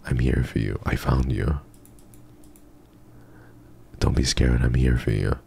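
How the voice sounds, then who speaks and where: A brave little girl soothing her frightened cat in a horror game, as a man reads her in his own voice. The voice stays very deep and gravelly. The tone is soft and reassuring. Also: steady tone, slow, a little hiss or hum, heavily acted.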